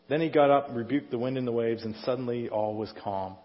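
Quick-paced and mid-range in pitch, a middle-aged male pastor delivers a conversational sermon, often turning questions to the congregation. The setting is a church sanctuary, recorded with dull sound in a reverberant hall.

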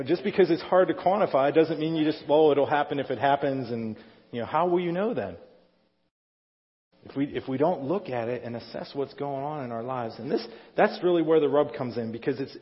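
Middle-aged pastor guy chatting through a sermon, long church reverb, kinda muffled sound. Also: fairly high pitch. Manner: conversational, asks the congregation questions. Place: church sanctuary. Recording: dull sound in a reverberant hall.

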